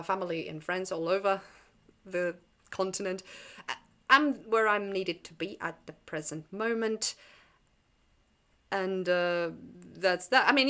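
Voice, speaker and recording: A woman's voice: lowish voice, fairly bright tone. A young woman hosting a casual livestream chat, rambling with jokey asides and frequent laughs. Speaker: channel host.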